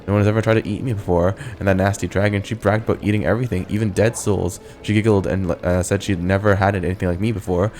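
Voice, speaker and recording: A man's voice: sits low, level tone, fast talker, few pauses, a little mellow, slight background noise, natural voice. A man voicing a vain, petulant female filth demon who calls herself a queen, speaking in a whiny, boastful way.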